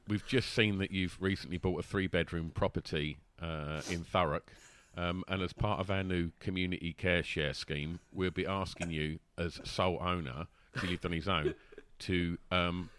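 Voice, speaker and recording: A man's voice: deep voice, a bit bright, slight background noise. A man telling a long casual story, rambling with fillers and restarts and laughing as he goes. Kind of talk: casual anecdote.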